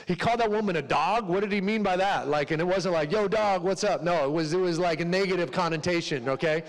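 A man's voice: high voice, fast talker, in a large hall, low-quality recording. A male pastor preaching a casual sermon, joking with the congregation and acting out quoted voices.

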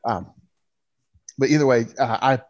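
A man co-hosting a podcast, speaking in a measured way with many hesitations. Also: mid-range voice, muffled recording. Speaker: podcast co-host. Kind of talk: casual chat.

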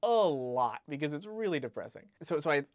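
A man with a fairly high voice talks in a loose, rambling way, restarting sentences and tossing in casual swears. The sound is close and dry, with no room behind him. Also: expressive, a little fast, no room sound. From United States. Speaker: podcast co-host discussing a book. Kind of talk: casual chat.

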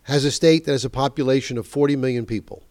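A man's voice: medium pitch, a little mellow, no room sound. Emphatic indignant male radio host. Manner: emphatic, indignant, stresses words slowly. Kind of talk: political commentary monologue.

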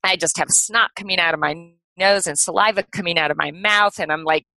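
A middle-aged woman, a podcast guest, telling a personal story in a casual, animated way with lots of "like" and "you know". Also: on the low side, brisk, vocal fry, dry recording, low-quality recording.

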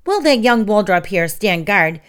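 A woman's voice: mid-range voice, expressive, measured pace, clean tone, close to an everyday voice. Woman voicing an old elder witch, kindly, firm, grandmotherly. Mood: soothing.

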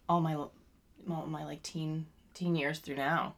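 A woman's voice: low-pitched, fairly even intonation, slow, creaky. A young adult woman co-hosting a podcast in playful, chatty casual conversation. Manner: playful, chatty, lots of fillers. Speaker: podcast co-host. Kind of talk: casual chat.

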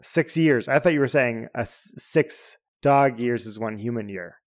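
A man's voice: medium pitch, normal speed, no room sound. Easygoing man co-hosting a podcast. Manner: relaxed, joking, describes beers. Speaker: podcast co-host. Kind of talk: casual podcast chat.

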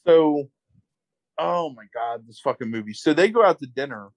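A man casually recapping a movie plot on a podcast, swearing freely and telling it with lively energy. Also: a little high, moderate pace, no room sound, low-quality recording. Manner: profane, animated retelling with acted quotes. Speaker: podcast co-host.

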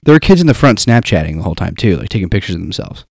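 Animated young man telling stories. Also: lowish voice, very fast, vocal fry, breathy edge, no echo, studio quality. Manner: animated storyteller who acts out quotes. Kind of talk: casual chat.

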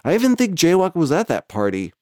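A man's voice: a little high, wildly swooping pitch, fairly quick, dark tone, no room sound, clean studio sound. A man with a West Coast American accent telling a story in casual chat, profane and rambling, laughing between lines.

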